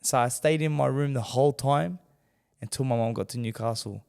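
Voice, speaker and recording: A man's voice: medium pitch, fairly quick, vocal fry, clear, resonant tone, in a large hall. A man, a former boxer telling his story as a podcast guest and acting out the voices he quotes. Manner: animated, acts out quoted voices. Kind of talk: candid storytelling in a podcast interview.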